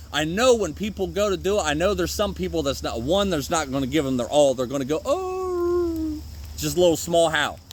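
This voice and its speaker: A man's voice: fairly high pitch, slight background noise. Rambling, profane man outdoors. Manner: rambling and profane, swears often, jokes at himself. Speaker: podcast host. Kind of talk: unscripted motivational monologue. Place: outdoors in the woods in the rain.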